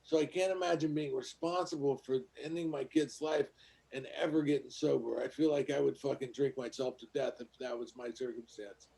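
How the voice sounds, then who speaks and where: A man's voice: mid-range voice, fairly even intonation, brisk, gravelly, warm tone. A man on a casual podcast, telling blunt, profane stories about meetings and recovery. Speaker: podcast co-host.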